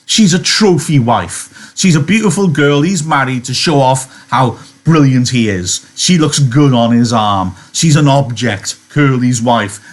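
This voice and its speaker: A male English teacher reading a novel aloud to his class and talking it through, with a chatty manner and lots of rhetorical questions. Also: on the high side.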